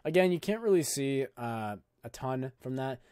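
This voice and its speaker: A man's voice: medium pitch, animated, moderate pace, mellow, clean tone, no room sound. Young guy explaining video editing, chill and rambly, lots of "like", dry close mic. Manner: rambling, filler-heavy, loose and jokey. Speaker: YouTube tutorial host. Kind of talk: casual screen-recorded editing tutorial.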